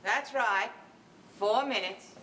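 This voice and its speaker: An actress playing a dry-witted, loyal secretary in a stage comedy, wry in delivery. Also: female voice, on the high side, slow pace, pushed and bright, slight background noise. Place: theater stage. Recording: roomy stage sound picked up from a distance.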